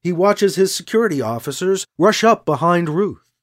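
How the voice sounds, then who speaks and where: Expressive audiobook narrator. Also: mid-range voice, moderate pace. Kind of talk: scripted narration.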